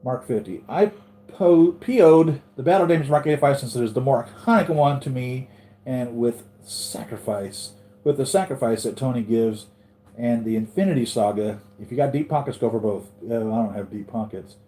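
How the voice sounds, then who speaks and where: He's a collectibles channel host with a mellow, mid-range voice and a moderate pace, chatting through a relaxed live stream about collectible figures. Answering viewer comments, he thinks aloud and tends to ramble.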